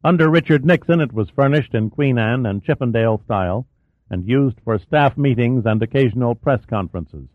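Man, audiobook narration, even storytelling, thin phone-like sound, dry. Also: mid-range voice, moderate pace, dry recording. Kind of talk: scripted narration.

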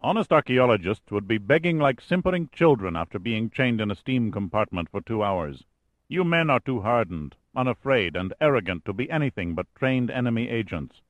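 A man's voice: medium pitch, big pitch swings, moderate pace, no room sound, lightly acted. A man voicing a menacing, sarcastic male general who interrogates a prisoner, in a sneering, commanding manner.

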